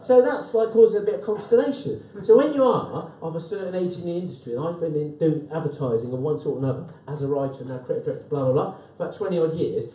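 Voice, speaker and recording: A man's voice: on the high side, dark tone, recorded from a distance, slight background noise. A man in his fifties hosting and speaking at a live event, chatty and joking, tagging "right?" onto his lines. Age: 50s. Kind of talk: humorous live talk to an audience. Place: event room with an audience. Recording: roomy, voice from off the mic.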